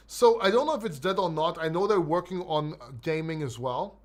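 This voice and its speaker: Blunt, high-voiced London-Greek man. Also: animated, fast talker, hardly any pauses. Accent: mixed London and Greek. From born in London, raised in Greece. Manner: blunt, emphatic, swears, repeats words and restarts. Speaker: crypto livestream host. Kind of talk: live Q&A, reading chat questions.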